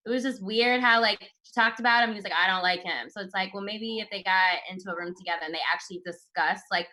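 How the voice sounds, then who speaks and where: A woman's voice: medium pitch, steady tone, fast, bright, forceful tone, rough recording. A woman panelist in casual chat, chatty with lots of fillers and laughter.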